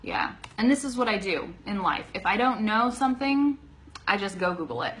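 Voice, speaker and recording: A woman's voice: mid-range voice, very animated, moderate pace, fairly bright tone, slight background noise, rough recording. A woman with a Californian accent giving a live online English lesson, chatty, laughing often and checking in with "okay?". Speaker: English teacher.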